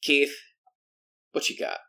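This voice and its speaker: A man co-hosting a movie review podcast in casual chat, animated and laughing often, dropping to low mutters. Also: slow. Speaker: podcast co-host.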